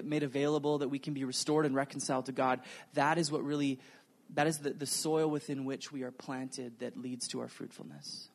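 A man preaches from a church stage, earnest and animated. His voice sits a little high for a man, and he tells stories in the flow of a sermon, acting out the quotes as he goes. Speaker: pastor.

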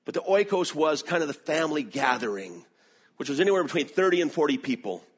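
A middle-aged man from the American South with a Southern accent, preaching a sermon with animated storytelling. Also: quick pace, breathy edge. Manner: animated storytelling with lively swings in pitch. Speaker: pastor.

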